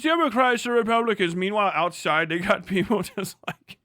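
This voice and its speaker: A man's voice: very high-pitched, normal speed, bright, forceful tone, no room sound, clean studio sound. A man streaming live, chatting in a rambling, profane way and laughing often. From United States. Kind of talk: casual live-stream commentary.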